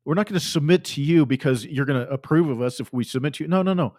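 A man's voice: fairly high pitch, quick pace, a little mellow. A man preaching a fiery sermon, fervent and emphatic, repeating phrases for force.

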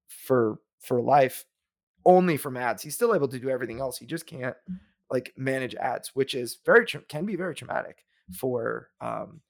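A man's voice: medium pitch, gravelly. A man co-hosting a podcast in casual chat, rambling a little with restarts and fillers. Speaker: podcast co-host.

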